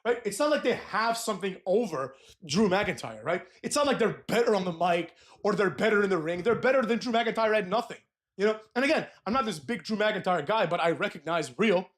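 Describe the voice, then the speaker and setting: A man's voice: high-pitched, lively intonation, fairly quick. A man giving a profane, mocking rant recapping a wrestling show, ripping into wrestlers. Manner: crude, mocking, ranting, mimics wrestlers in whiny voices. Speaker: wrestling commentator.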